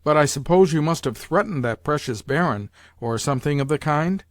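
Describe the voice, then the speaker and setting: A man's voice: lively intonation, brisk, dry recording, studio quality, close to an everyday voice. A man putting on a bossy, imperious old grandmother. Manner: loud, sharp, commanding, raised pitch.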